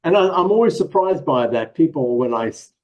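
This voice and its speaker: A man's voice: on the high side, expressive, a little fast, darkish tone, rough recording. A man with a South African accent, giving a casual presentation as a guest, modest and hesitant, with many ums and small laughs.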